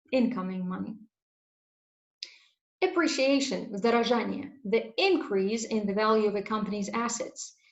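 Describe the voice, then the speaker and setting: Woman teacher, clear explanatory delivery; roomy, lo-fi sound. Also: a little high. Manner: clear, explanatory, gives translations. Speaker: English teacher. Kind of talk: vocabulary lesson. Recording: echoey room, dull lo-fi sound.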